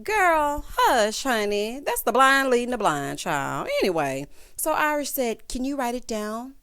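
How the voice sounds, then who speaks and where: A woman's voice: a little high, unhurried, few pauses, clear, resonant tone. Sassy woman recapping reality TV. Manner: sassy, animated, says "honey" and "child" often; acts out quotes in a mocking voice. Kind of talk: casual recap commentary.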